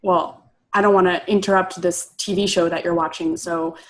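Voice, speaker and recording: A woman's voice: on the low side, steady tone, normal speed, poor audio. Hesitant young woman opening up. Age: 20s. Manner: hesitant, many fillers and restarts. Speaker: coaching client. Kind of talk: hesitant personal sharing.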